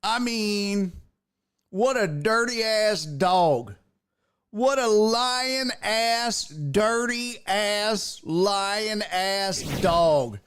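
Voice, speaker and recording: A man hosting a sports talk show, swearing freely as he rants and mocks. His voice sits high for a man and swings widely in pitch. He takes his time with the words. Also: very slow, smooth. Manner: profane, animated, mocking. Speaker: sports podcast host. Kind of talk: casual sports rant.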